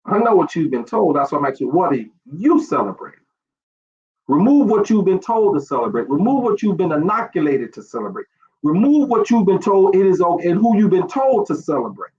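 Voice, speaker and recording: A man's voice: sits high, sing-song, moderate pace, darkish tone. A man preaching an online sermon, asking rhetorical questions and repeating phrases. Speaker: pastor. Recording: dull lo-fi stream audio.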